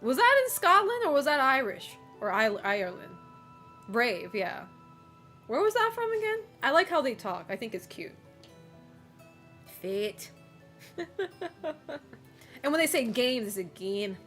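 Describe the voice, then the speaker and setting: A woman's voice: high-pitched, wildly swooping pitch, moderate pace, sharp tone, faint music behind. A woman streamer chatting casually with her viewers, rambling with lots of fillers and giggling often.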